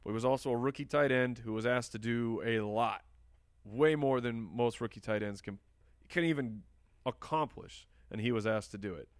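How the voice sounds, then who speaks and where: A man's voice: mid-range voice, no room sound, studio quality. A man hosting a live fantasy football stream, chatting casually and answering viewer questions while he drafts. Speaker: fantasy football podcast host.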